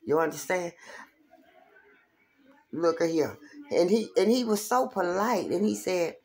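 A woman with a low, gravelly voice tells a rough story from her street days. She swears freely and jumps into other people's voices as she goes. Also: unhurried. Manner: animated, profane street storytelling with voiced quotes. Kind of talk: casual storytelling.

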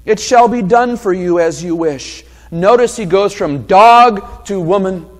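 A man's voice: sits high, measured pace. Man, pastor, expository sermon, emphatic, long church-hall reverb. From New Hampshire. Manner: emphatic, builds to loud passionate peaks.

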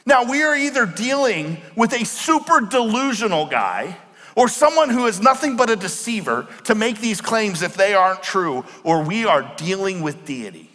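A man preaching a sermon as pastor, explaining words slowly and asking the congregation questions. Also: high voice, very animated, a bit bright. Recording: long hall reverb.

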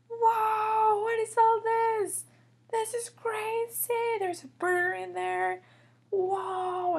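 A woman voicing an excitable, boastful little boy in a toy figure story, with bouncy, squealing cheers. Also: very high voice, creaky, heavily acted. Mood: amazed.

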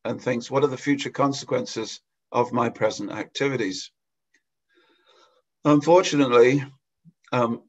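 A man teaches a scripture class in a relaxed, anecdotal sermon, chuckling now and then as he tells his stories. His voice is gravelly and husky. The recording is dull and lo-fi. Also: medium pitch. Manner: anecdotal, with frequent chuckles and hesitations. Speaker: lecturer giving a scripture class. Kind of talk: storytelling sermon. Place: temple hall.

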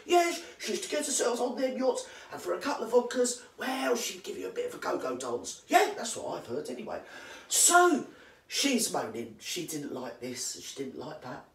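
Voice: huge pitch swings, normal speed, a little hiss or hum. Someone putting on a mouthy old british granny, swears a lot, voice swoops up and down, roomy room, mic far off. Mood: ranting gossip. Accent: British English. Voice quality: slangy, swears constantly and rambles. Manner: mock-outraged gossiping with big pitch swings. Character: gossipy, indignant old English granny who rants about royals. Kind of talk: comedy character monologue. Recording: roomy sound from a distant mic.

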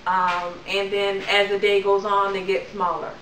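Bright-voiced chatty woman in echoey room. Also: medium pitch, little pitch movement, a little slow, distant mic, a little hiss or hum. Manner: chatty, rambling, many ums. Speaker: vlogger. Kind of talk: casual chat to camera.

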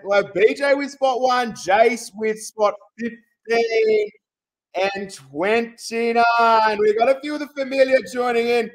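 Brief: young Aussie male streamer, high-pitched, rowdy announcer hype, swears freely. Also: animated, slow pace. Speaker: livestream card-break host. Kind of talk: hyped livestream commentary.

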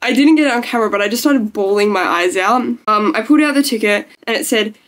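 A woman's voice: medium pitch, fast. A young woman vlogging to camera in a gushing, emotional way, peppered with "like", close to tears. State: tearful. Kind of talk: casual talking-to-camera vlog.

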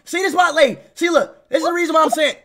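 A man streaming live on a random video chat, yelling and swearing, then dropping to a low flirty mumble. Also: fast talker, vocal fry. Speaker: livestream host. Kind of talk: loud profane video-chat banter.

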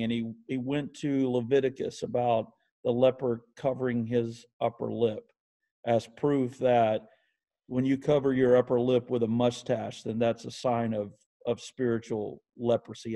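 A man hosting an interview, thoughtful and measured, often restating his points. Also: medium pitch, dark tone. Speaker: interview host. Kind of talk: casual interview conversation.

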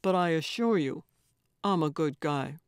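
A woman voicing a guarded, gruff man in hiding, curt and wary in an audiobook. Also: measured pace, no echo, studio quality. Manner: curt, wary, low-key.

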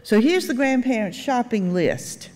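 An older woman lay speaker giving a sermon in a church sanctuary, telling stories with gentle humor. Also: on the high side, animated. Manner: unhurried storytelling with gentle humor. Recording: long reverb in a church sanctuary.

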